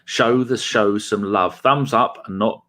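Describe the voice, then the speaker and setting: Joking podcast co-host. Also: male voice, fairly low pitch, a little slow. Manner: joking, lively banter. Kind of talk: casual football chat.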